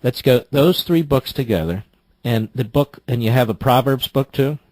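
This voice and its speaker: Male radio host, forceful opinions, dry studio sound, mid-pitched voice. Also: no room sound. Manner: emphatic, opinionated, quick rapport with callers. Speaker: radio talk show host. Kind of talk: talk radio with callers.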